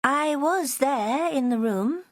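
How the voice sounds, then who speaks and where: A woman's voice: sits high, animated, takes it slowly, no room sound, clean studio sound, pitched above the performer's own voice. A woman voicing an imperious, airy woman with a posh southern English accent. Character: imperious, unsettled posh woman, calm and strange.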